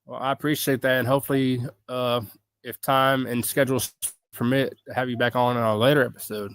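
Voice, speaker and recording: A man hosts a podcast in loose, casual conversation. He jokes and teases playfully, his voice sitting in a middle pitch. The sound is dry and close, with no room around it. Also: level tone, fairly quick, fairly bright tone, clean tone, no room sound. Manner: joking, playful teasing. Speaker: podcast host.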